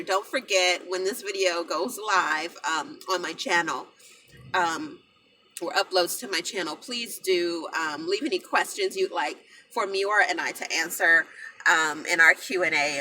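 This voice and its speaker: A woman's voice: fairly low pitch, sharp tone, slight background noise, poor audio. A woman in her forties hosting a live vlog broadcast, talking to her viewers in a heartfelt, rambling way. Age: 40s. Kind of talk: emotional live-stream chat with viewers.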